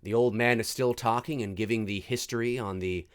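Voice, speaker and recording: A man's voice: mid-range voice, fairly even intonation, a little fast, smooth. A man hosting a live movie commentary stream, chatting casually and reading viewer comments aloud. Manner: casual, chatty, restarts and fillers, reads chat aloud.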